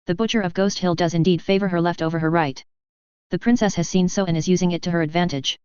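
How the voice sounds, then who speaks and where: Woman reading a young nobleman, sneering, vengeful, low smooth voice, dry lo-fi sound. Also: fairly even intonation, fast talker, darkish tone, dry recording, close to an everyday voice. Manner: sneering, mocking. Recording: dull lo-fi dry recording.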